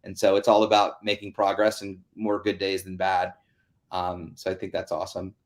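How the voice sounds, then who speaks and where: A man's voice: low voice, completely flat delivery, moderate pace. A man hosting an online town hall, talking in an earnest, chatty way with many fillers over a video call. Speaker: host.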